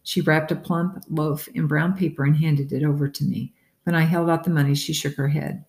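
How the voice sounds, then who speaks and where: A measured audiobook narrator telling a first-person story at a middling pitch. The reading is even and unhurried. A roomy echo hangs around the voice. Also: vocal fry.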